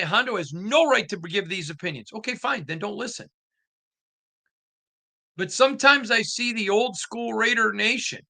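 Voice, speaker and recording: A middle-aged man hosts a sports talk show, delivering a rambling but impassioned monologue. His voice sits high and sounds bright and forceful. He drifts through anecdotes and then pushes hard into his opinions. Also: creaky. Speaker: sports beat writer and show host.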